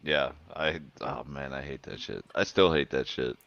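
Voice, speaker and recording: A man's voice: moderate pace, gravelly, a bit bright, muffled recording. A man co-hosting a podcast in casual chat, joking and swearing a lot. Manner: joking, swears a lot, drops into low mutters. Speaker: podcast co-host.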